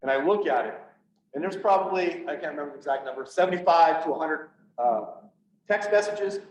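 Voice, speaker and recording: A police officer telling a personal story to an audience, candid and blunt, acting out what people said. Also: male voice, a little high, fairly quick. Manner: candid, blunt, acts out quoted dialogue. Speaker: public speaker, police officer. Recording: echoey, distant, slightly dull, faint hiss.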